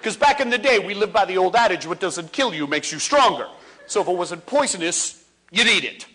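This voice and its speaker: A man in his forties giving a comedic speech on stage, animated and acting out scenes for laughs. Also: high-pitched, fairly quick. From Ontario, Canada. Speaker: motivational speaker. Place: stage before a live audience.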